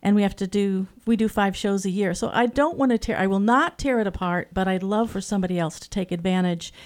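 A woman's voice: medium pitch, a little fast. A woman who directs a youth theater program, chatting in an interview in a rambling way with many fillers. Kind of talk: casual interview chat.

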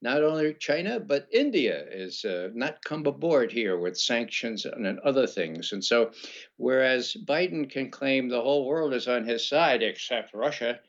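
Gravelly male radio pundit, halting delivery with many filler sounds, muffled lo-fi audio. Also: medium pitch, lively intonation. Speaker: political commentator. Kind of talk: radio interview commentary.

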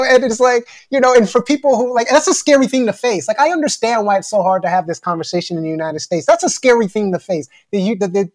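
A man in his forties, a guest author in a casual interview, talking with many fillers and restarts and growing animated as he makes his points. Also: high voice, no echo, studio quality. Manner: fluent but filler-heavy, frequent "like" and restarts; grows animated and intense when making a point.

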